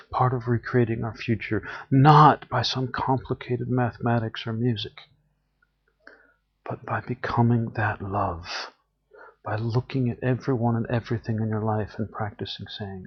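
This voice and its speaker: A man's voice: medium pitch, creaky, husky. A man giving an earnest, emphatic spiritual talk, repeating phrases for emphasis. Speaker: spiritual teacher. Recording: dull lo-fi recording.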